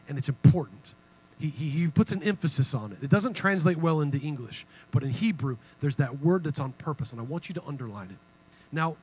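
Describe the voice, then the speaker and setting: A man preaching a sermon in a casual, humorous, animated way. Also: on the high side, slightly rough, poor audio. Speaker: pastor.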